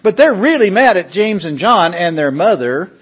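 A man's voice: sits high, sing-song, normal speed, breathy edge. A man pastor delivering a sermon, emphatic and asking the congregation questions as he goes.

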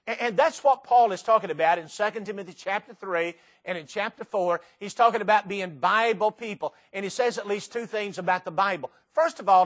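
A man with a high-pitched voice preaches a sermon, dramatically reciting poetry and firing rhetorical questions at the congregation. His delivery swings from loud to soft.

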